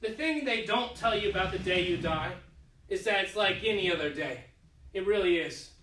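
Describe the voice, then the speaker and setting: Petulant young deposed emperor, comic monologue; high, bright voice, recorded in an echoey room. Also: male voice, expressive, normal speed, slight background noise. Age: 30s. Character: vain, childish deposed emperor, young man, self-pitying. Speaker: solo stage performer. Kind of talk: solo theatre monologue. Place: living room. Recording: echoey room, mic far off.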